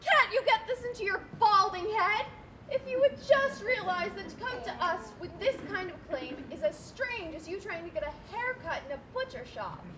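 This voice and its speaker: A woman with a very high-pitched, expressive voice plays a harried bank manager in a live stage play recorded on a school stage, speaking at normal speed over a noisy background. Her frantic character is stiff and formal, growing steadily more exasperated.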